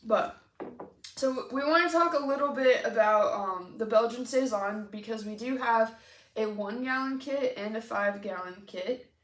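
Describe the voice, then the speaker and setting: A woman's voice: on the high side, measured pace. Chatty, laughing woman in an echoey room. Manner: chatty, filler-heavy, laughs often. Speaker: co-host of a homebrewing show. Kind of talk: casual chat while tasting beer.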